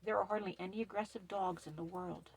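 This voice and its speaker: Upset woman camp host, gravelly husky voice. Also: mid-range voice, steady tone, quick pace. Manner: upset, emphatic, retells quarrel with stern quoted lines. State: shaky and upset. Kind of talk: casual vlog rant. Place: dark trailer at night with ring light.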